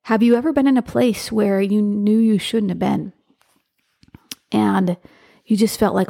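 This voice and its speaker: A woman's voice: medium pitch, steady tone, measured pace, vocal fry, pauses often, mellow. A woman hosting a podcast, speaking earnestly in casual solo talk, with frequent restarts as she tells a personal story. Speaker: podcast host.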